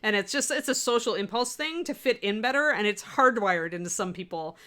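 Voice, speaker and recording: A woman's voice: medium pitch, lively intonation, fairly quick, sharp tone. A woman co-hosting a livestream on miniature painting, talking in a chatty, rambling way with many fillers and answering viewers' comments. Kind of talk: casual livestream chat reading viewer comments.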